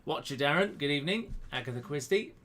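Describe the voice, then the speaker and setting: A man's voice: fairly high pitch, expressive, fast, a bit bright. Chatty man hosting a live quiz. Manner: chatty, self-mocking, greets viewers by name. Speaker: quiz host. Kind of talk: casual live-stream chat. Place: home room, indoors. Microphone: webcam close to the face.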